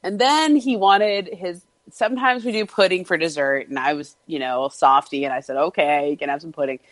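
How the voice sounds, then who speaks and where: A woman's voice: sits low, brisk, no echo. A woman co-hosting a radio show, telling a family story in a chatty way with lots of "like". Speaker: radio co-host. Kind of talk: casual radio chat.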